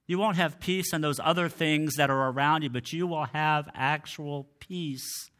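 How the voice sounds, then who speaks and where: Pastor guy preaching real slow, bright kinda high voice, trails off soft at the end of lines. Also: clear, resonant tone. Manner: deliberate, voice trails off softly at phrase ends. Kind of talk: sermon.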